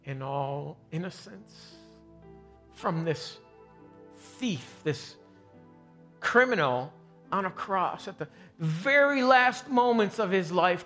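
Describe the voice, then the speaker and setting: Male pastor, fairly high voice, dramatic storyteller in a live sermon. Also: lively intonation, takes it slowly, bright, forceful tone, faint music behind. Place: church sanctuary, recorded live.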